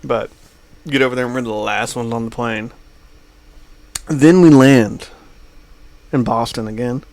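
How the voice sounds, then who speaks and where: In casual podcast chat, a male co-host spins a long, rambling travel story packed with fillers like "uh" and "like." His voice is medium in pitch and a little mellow, with fairly even intonation and a measured pace. There's no room sound.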